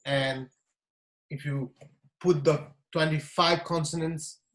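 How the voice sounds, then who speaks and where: A man teaching a class, sounding out syllables slowly and deliberately. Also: on the high side, fairly even intonation, fairly bright tone. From Nepal. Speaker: language teacher. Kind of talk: classroom lesson.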